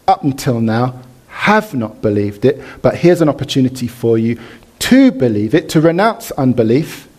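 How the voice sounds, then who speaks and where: A man preaching a sermon in church, animated, leading the congregation in reading and response. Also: mid-range voice.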